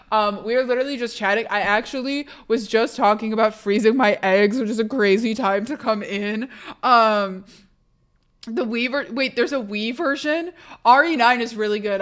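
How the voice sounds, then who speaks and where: A young woman streamer with a hoarse voice from laryngitis, chatting candidly and with swearing on a live stream, bursting louder when she greets viewers. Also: a little high. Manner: candid, profane, rambling; bursts loud greeting raiders. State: sick, laryngitis. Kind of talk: casual live-stream chat.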